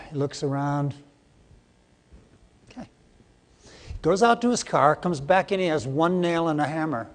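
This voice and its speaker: A middle-aged man leads a live training seminar in a conference hall, joking with the audience and quizzing them. His voice sits on the high side with lively intonation, and he speaks unhurriedly with long pauses. The hall adds a long reverb.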